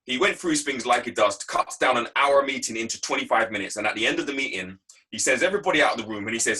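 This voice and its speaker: Husky, bright-voiced man telling a story. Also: medium pitch, quick pace, low-quality recording. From England. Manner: storytelling, emphatic and repetitive. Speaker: guest speaker. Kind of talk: motivational talk on a video call.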